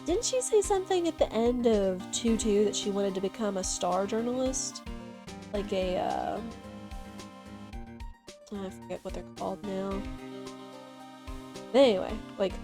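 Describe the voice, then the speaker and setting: A woman's voice: mid-range voice, animated, a little slow, pauses often. A woman streamer chatting casually through a game playthrough, musing aloud as she plays. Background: game music.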